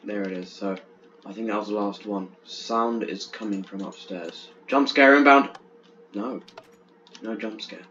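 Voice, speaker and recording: A man's voice: on the low side, a little slow. Young man, gaming commentary, chatty, stammers, dull lo-fi, faint hiss. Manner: chatty, jumpy, stammers when excited. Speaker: gaming channel host. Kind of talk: let's play commentary.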